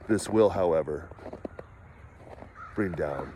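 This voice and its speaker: A man's voice: low-pitched, background noise, pitched below the performer's own voice. A man doing a pompous droning politician. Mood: smug solemn. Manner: slow, solemn, self-important pronouncements. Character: pompous, droning middle-aged male politician. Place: outdoors in woods, walking.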